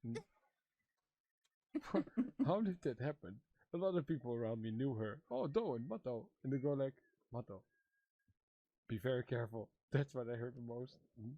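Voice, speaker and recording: A man's voice: medium pitch, normal speed, pauses often, no echo, lo-fi sound. A man playing tribesman Mato, dry and close. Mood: bemused. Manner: broken English, animated retelling with quoted voices. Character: Wapiti tribesman Mato, married man, playful storyteller. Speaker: roleplayer in a western game. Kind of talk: in-character roleplay chat.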